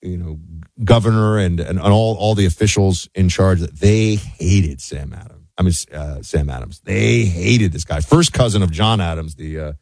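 A man's voice: deep voice, normal speed, vocal fry, a little mellow, dry recording. A man hosting a show, talking casually in a rambling way, often correcting himself mid-sentence. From United States. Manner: rambling, self-correcting, chatty. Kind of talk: casual monologue.

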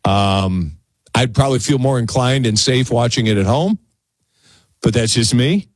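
A man's voice: mid-range voice, unhurried, no echo. A male radio talk show host speaking conversationally into a studio microphone, often repeating words as he gets going. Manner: conversational, stammers and repeats words when excited. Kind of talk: casual talk radio monologue. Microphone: studio broadcast mic.

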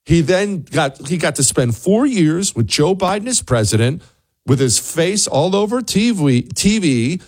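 Animated, sarcastic talk radio man. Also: on the high side, unhurried, no room sound, clean studio sound. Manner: sarcastic, mocking asides; emphatic, repeats words for punch. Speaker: radio talk show host. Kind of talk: opinionated talk radio monologue.

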